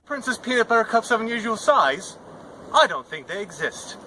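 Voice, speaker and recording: A man's voice: high-pitched, sing-song, normal speed. A man in an amateur fan reenactment playing a cocky young hero who talks in a smug, lecturing way. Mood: wry. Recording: noisy home recording.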